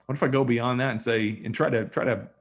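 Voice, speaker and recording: Speaking fast in a mid-range voice, a man keeps a steady tone while leading an online listening training through a video call mic. He's a communication skills trainer with a conversational style who tells stories and acts out the dialogues in them.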